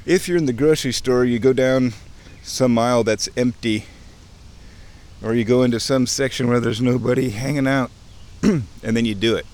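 A man's voice: medium pitch, moderate pace, a little mellow. A man narrating casually while walking outdoors along a wooded creek. He is playful and chatty, mimicking sounds and chuckling often. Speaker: nature vlogger. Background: faint outdoor ambience.

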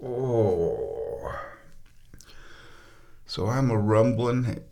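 A man in a bathtub, rambling casually and slipping into high baby-talk to his cat. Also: drawn-out words, mellow. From United States. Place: bathroom, sitting in a bathtub.

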